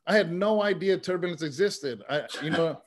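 Guy a bit higher voiced telling stories, earnest, keeps saying man and you know, pastor type. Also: moderate pace. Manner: earnest, story-driven, says "man" often. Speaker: interview guest, pastor and former rapper. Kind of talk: conversational storytelling.

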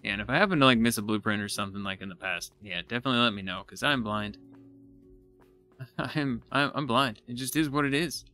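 A man giving casual let's-play commentary, excitable and thinking aloud as he explores, now and then poking fun at himself. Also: medium pitch, rapid-fire, soft background music. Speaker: gaming YouTuber.

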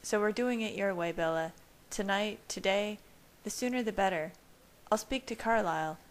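A woman's voice: mid-range voice, moderate pace, close to an everyday voice. A woman voicing an intense, yearning young man who speaks with earnest passion, in a fan-read storybook. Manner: earnest, impassioned.

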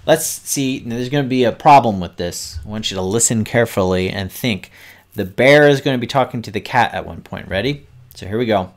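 A man with a fairly low voice speaks fairly quickly while hosting a live coding stream for kids. As their teacher, he explains patiently and step by step, addressing viewers directly.

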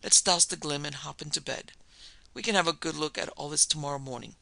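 A jittery young gentleman from a ghost story, murmuring in a low, shaken voice, as a male narrator puts him on. He sounds gravelly and bright, and is trying hard not to seem afraid. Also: a little fast, no room sound, rough recording. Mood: decided. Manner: hushed, shaken whisper. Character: young gentleman, nervous but proud.

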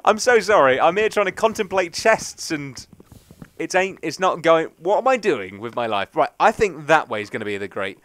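A young man hosts a let's play, rambling and joking at his own expense. His voice sits a little high and swings widely in pitch. The sound is close and dry. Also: very animated, normal speed, a bit bright, no echo. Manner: rambling, chatty, self-mocking. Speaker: gaming channel host.

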